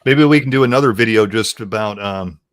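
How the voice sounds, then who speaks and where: Calm, very deep-voiced man. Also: a little fast, dry recording, studio quality. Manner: calm, explanatory. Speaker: game master. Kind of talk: casual chat.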